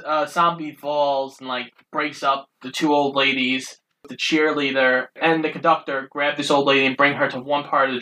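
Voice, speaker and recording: Brief: man co-host, somewhat high and bright, narrating the plot in a casual way. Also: rough recording. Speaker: podcast co-host. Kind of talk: casual movie recap chat.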